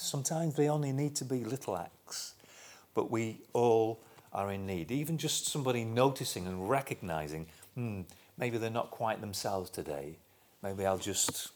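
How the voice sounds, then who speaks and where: Man preaching a calm, reflective sermon. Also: mid-range voice. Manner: unhurried, reflective, reading scripture aloud with emphasis.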